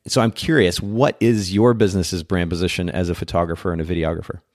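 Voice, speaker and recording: A man's voice: sits low, fairly even intonation, fast, a little mellow, no echo, clean studio sound. A man hosting a podcast in a chatty way, often restarting and rambling as he talks with his guest. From Japan. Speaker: podcast host. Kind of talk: casual podcast interview.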